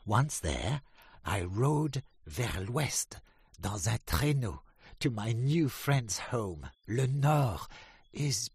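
A man voicing Drake, an excited male duck explorer, in a storybook reading, telling his friends eagerly about his travels. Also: mid-range voice, drawn-out words, breathy edge, no room sound, studio quality, voice pushed up, exaggerated voice.

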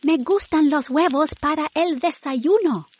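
A woman's voice: animated, measured pace, darkish tone, lo-fi sound. Woman doing Wilma, a tearful young whale. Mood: eager. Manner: high, squealy and weepy. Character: big-hearted clumsy young female whale, tearful.

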